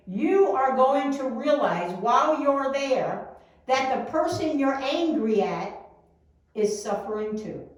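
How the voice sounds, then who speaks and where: Woman preaching in an echoey room. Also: on the high side. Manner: slow, soothing guidance with emphatic repetition. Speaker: service leader. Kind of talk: sermon on mindful walking. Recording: echoey room, distant mic.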